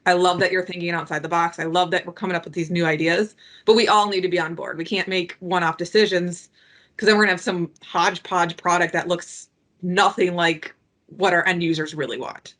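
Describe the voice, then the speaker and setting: Animated woman guest on a podcast. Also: lowish voice, fairly quick. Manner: animated, acts out quoted colleagues in lively voices. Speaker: project delivery guest. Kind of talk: conversational podcast talk.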